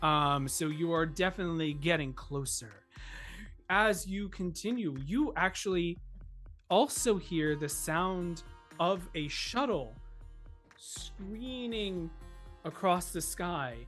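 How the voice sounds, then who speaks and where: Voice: mid-range voice, animated, slow, a bit bright, soft background music. A game master narrating a tabletop scene in a casual way, with many ums and frequent laughter. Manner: laughs often, fillers like um.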